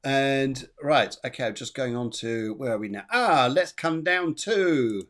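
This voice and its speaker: Male medium-host, mid-pitched, chatty, repeats himself, laughs easily. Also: animated, a little slow, fairly bright tone. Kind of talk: live psychic reading show.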